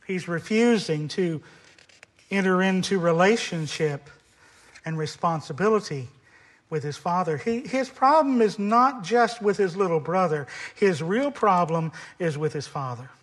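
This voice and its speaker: A man's voice: sits high, animated, measured pace. A man preaching a sermon on a scripture passage, building emphasis through repetition.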